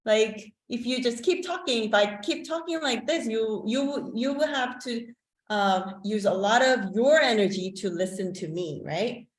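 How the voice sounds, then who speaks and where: A woman's voice: fairly high pitch, lively intonation, measured pace. A woman whose first language is Korean gives an online teacher-training talk over a video call, chatty and loose, with frequent "like" and "um". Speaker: teacher presenting a webinar. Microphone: video call microphone. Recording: echoey room.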